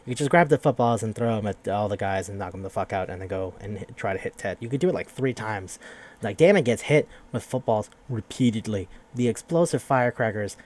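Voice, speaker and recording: A man's voice: on the low side, brisk, darkish tone. A young man casually recapping a video game's story on a podcast, rambling and swearing as he acts out the characters' lines. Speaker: podcast host.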